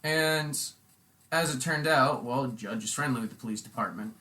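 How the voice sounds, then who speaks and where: Bright-voiced, profane young man storyteller. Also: medium pitch, normal speed, slight background noise. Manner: profane, rambling storyteller who acts out quotes loudly. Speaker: podcast host. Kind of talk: casual storytelling chat.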